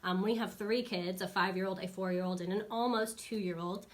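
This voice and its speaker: A woman in her thirties talks as a dog trainer on a casual live stream. She is chatty and animated, and her voice sits at an ordinary middle pitch. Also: normal speed. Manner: chatty, animated, acts out dogs and kids in high squeaky voices.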